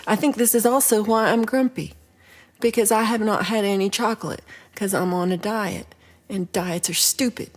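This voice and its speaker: A woman's voice: medium pitch, moderate pace. A woman hosting a casual livestream chat, rambling playfully through viewer comments with frequent whispered asides. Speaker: livestream host.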